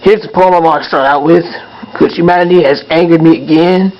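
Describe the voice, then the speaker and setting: A man's voice: a little high, steady tone, brisk, muffled recording, lightly acted. A man voicing a grumpy male puppet who rants angrily in a puppet show monologue, with apologetic asides. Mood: angry. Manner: angry ranting, apologetic asides.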